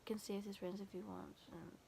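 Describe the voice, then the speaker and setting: Flat, gravelly young woman telling a story. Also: medium pitch, fairly quick, slight background noise. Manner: quotes texts with constant "I was like", "he's like"; rambling, filler-heavy, frequent restarts. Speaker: vlogger. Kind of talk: casual storytime retelling.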